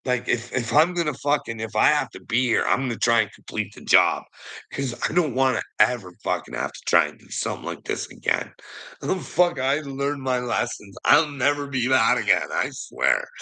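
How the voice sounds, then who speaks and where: Male ranter, forceful and tense, heavy swearing, low mutters to shouts. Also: very animated, moderate pace, vocal fry, rough recording. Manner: laughs between lines. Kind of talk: profane emotional rant.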